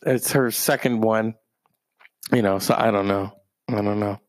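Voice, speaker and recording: A man's voice: on the low side, steady tone, unhurried, no room sound. A young man telling rambling comic stories, meandering and full of wry asides that trail off and restart. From half Mexican.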